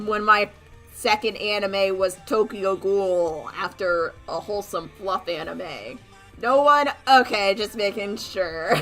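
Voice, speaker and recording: Giggly young woman streamer, bright voice. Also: medium pitch, low-quality recording. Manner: giggly, animated storytelling with frequent laughter and mock voices. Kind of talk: casual livestream chat while drawing.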